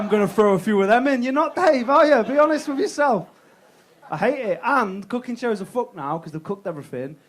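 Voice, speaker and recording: A man's voice: a little high, a little hiss or hum. A young man doing a stand-up set in a comedy club, bantering cheekily with the crowd and swearing freely.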